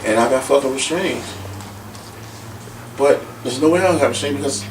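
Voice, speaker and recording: A man's voice: mid-range voice, normal speed. A man giving a casual interview, telling stories animatedly in street slang and swearing freely. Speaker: interview guest, former pro wrestler. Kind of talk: casual shoot interview storytelling. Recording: echoey room, distant mic, noisy.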